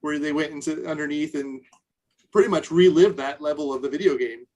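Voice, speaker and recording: A man on a podcast, chatting casually in a relaxed way and recounting things with fillers. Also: fairly high pitch, a little fast. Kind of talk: casual chat.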